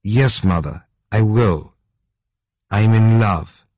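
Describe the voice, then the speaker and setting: A man reading an audiobook, voicing a grave, resolute king in earnest, measured dialogue. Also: lowish voice, a little mellow, dry recording, voice pushed up.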